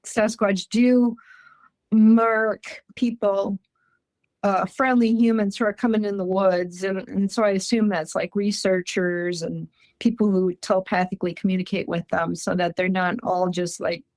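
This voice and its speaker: A woman's voice: mid-range voice, level tone, measured pace, darkish tone, dry recording. Chatty, rambling woman from Minnesota. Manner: rambling, chatty, frequent ums and restarts. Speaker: guest describing encounters. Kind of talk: casual interview storytelling. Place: rural home.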